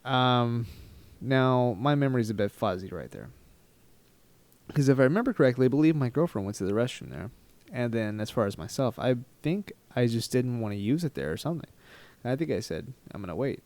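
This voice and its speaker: A man's voice: medium pitch, very animated, fairly quick, darkish tone, no echo. A man from Texas casually telling a travel story to his viewers, rambling and poking fun at himself. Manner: rambling, self-mocking, laughs at his own story. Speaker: vlogger.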